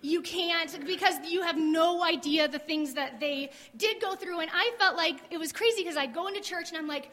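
High-pitched woman rambling through her church testimony, lots of "like", big hall echo. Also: normal speed, hardly any pauses, a bit bright. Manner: chatty, candid, fillers like "like". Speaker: guest sharing testimony. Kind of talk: casual testimony on church stage. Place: church service. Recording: long hall reverb.

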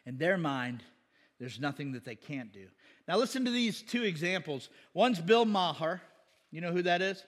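A man's voice: on the high side, expressive, normal speed, in a large hall. A man preaching a sermon as pastor, conversational and joking, with asides and chuckles.

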